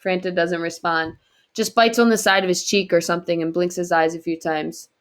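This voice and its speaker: A woman reading a novel aloud in quiet, earnest first-person narration. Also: fairly low pitch, steady tone, a little fast. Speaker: audiobook reader.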